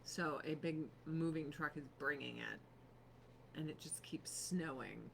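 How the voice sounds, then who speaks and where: A woman's voice: sits low, slow, vocal fry, fairly bright tone, slight background noise. A woman hosting a casual beauty livestream from her home, chatty, laughing often and swearing casually. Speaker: livestream host selling beauty products. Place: home on a snowy mountain.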